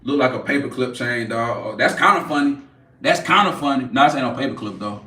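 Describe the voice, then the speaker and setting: A man's voice: mid-range voice, animated, brisk, pushed and bright, recorded from a distance. A man in his forties hosting a casual livestream, brash and profane as he mocks trolls in the chat. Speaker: livestream host. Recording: echoey room, off-mic.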